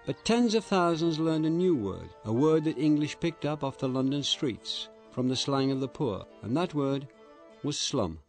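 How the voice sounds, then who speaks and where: A man narrating a history documentary in a measured, deliberate way. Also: a little high, animated, music in the background. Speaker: documentary presenter.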